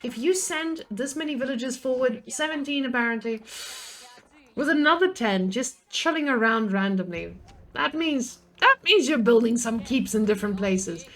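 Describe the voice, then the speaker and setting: Excitable young woman streamer casting games. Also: fairly high pitch, moderate pace. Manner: excitable, swearing, frequent laughter, chatty asides to chat. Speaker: streamer and game commentator. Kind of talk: casual live-stream game commentary.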